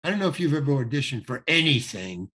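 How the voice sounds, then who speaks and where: A man's voice: medium pitch, breathy edge. An older man, a guest actor, telling a story in a podcast interview, acting out the people he quotes and stumbling over restarts. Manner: animated anecdote with acted-out quotes, halting restarts.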